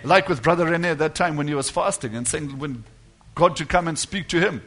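Bright-voiced emphatic male preacher. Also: a little high, a little fast. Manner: emphatic, rising to loud declarations and dropping to quiet asides. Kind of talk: sermon.

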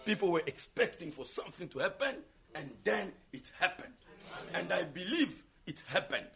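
A man from South Africa preaching a sermon, asking the congregation questions and building up to shouts. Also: high voice, big pitch swings, normal speed.

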